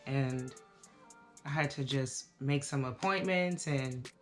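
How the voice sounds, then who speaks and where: A woman in her thirties giving a casual, reflective life update to camera, talking slowly with many fillers. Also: a bass voice, faint music behind. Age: 30s. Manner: relaxed, reflective, with frequent fillers. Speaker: vlogger.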